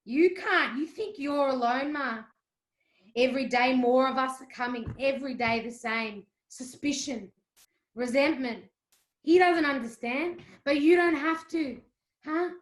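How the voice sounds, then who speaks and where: A woman's voice: sits high, a little slow. A woman reading the part of a bitter young wife, sarcastic and heated. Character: bitter pregnant Italian-Australian young wife. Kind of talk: cold-read play reading. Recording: roomy echo.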